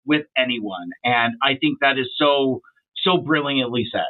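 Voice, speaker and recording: Podcast host over a tinny line. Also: male voice, medium pitch. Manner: reflective, halting with restarts. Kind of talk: casual interview.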